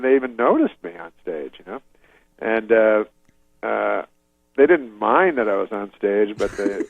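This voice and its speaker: Deadpan man rambling through an anecdote. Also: medium pitch, no room sound, narrow, tinny audio. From Canada. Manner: halting, deadpan, full of fillers and restarts. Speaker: talk show guest, comedian.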